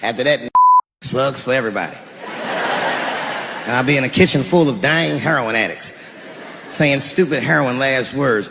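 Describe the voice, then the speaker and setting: A man performing a stand-up comedy set, telling stories with animated delivery and bursts of shouting. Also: mid-range voice, a little slow, long pauses, big-room sound, background noise.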